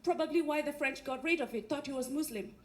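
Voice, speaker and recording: Very high-voiced Kenyan woman doing stand-up. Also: fast. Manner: wry, punchline-driven delivery. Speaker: stand-up comedian. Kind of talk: stand-up comedy set. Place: theatre stage before a laughing audience. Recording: live theatre recording with faint noise.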